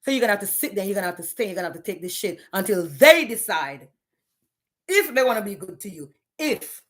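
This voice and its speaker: A woman's voice: mid-range voice, expressive, quick pace, fairly bright tone. A woman, ranting bluntly and profanely on a live stream, challenging her viewers. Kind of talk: candid live-stream rant.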